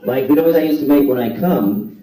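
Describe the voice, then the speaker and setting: A man's voice: mid-range voice, a little fast, dark tone. A middle-aged man telling wry, self-mocking stand-up stories to a live audience. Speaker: stand-up comedian. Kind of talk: stand-up comedy. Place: large hall or theater. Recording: roomy live hall from a distance with crowd laughter.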